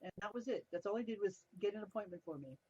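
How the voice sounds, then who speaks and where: A woman's voice: medium pitch, quick pace, breathy edge. A middle-aged woman telling stories as an interview guest on a video call, often laughing and acting out the people in her tale. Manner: lively, laughs often, acts out quoted people. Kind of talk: anecdotal storytelling in an interview. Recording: dull, dry lo-fi call audio.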